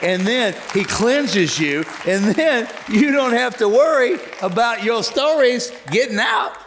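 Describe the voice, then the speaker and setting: A male pastor preaching a sermon to his church, animated, joking and conversational. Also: very high-pitched, unhurried, a faint crowd, a little hiss or hum. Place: church auditorium.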